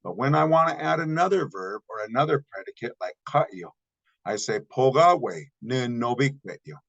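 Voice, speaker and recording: A man teaching a recorded language lesson, slowly repeating example words and explaining the grammar step by step. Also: medium pitch, animated, gravelly, dull audio. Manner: patient, slow repetition of example words.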